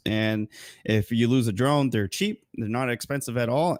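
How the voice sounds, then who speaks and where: A man's voice: fairly low pitch, no room sound, clean studio sound. A man co-hosting a casual podcast, rambling through news with frequent fillers and self-corrections. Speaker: podcast co-host.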